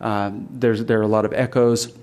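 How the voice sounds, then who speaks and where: A man giving a public talk on language and literary tradition, thoughtful and halting, with fillers and restarts, and reciting Middle English verse aloud. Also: fairly low pitch, level tone, a little mellow, clear, resonant tone. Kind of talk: public lecture.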